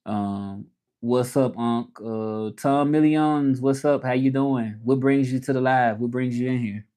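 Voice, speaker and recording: A medium-pitched male voice, a little slow, dark in tone yet clear and resonant. He hosts a relaxed livestream from his home in Mexico, wandering through his thoughts with restarts and reading chat comments aloud.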